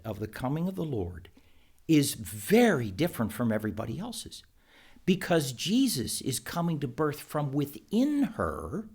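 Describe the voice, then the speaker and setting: A middle-aged man giving thoughtful, unhurried advice to preachers, pausing often with ums and restarts. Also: mid-range voice, husky. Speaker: preaching teacher. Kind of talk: instructional talk to preachers.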